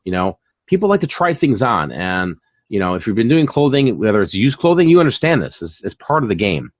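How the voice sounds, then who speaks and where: Male host, casual and chatty, animated delivery, dry sound. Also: fairly low pitch, fairly quick, dry recording, dull audio. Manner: animated, chatty, full of fillers and repeats. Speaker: channel host and online reseller. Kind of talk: casual chat on a live stream.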